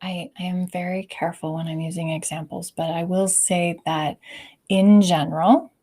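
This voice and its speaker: Woman, leadership coach, interview guest, video call, lower voice, expressive, soft near-whispered asides. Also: normal speed. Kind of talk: conversational interview.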